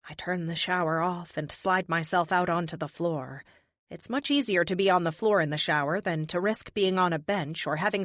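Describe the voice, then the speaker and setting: Expressive woman audiobook narrator, lowish voice, close and dry studio mic. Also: no echo. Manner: expressive, conversational first-person reading. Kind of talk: first-person audiobook narration.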